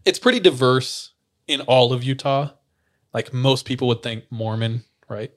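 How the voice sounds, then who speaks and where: A man's voice: medium pitch, measured pace. Young male podcast host, casual storyteller, chatty with fillers, laughs often.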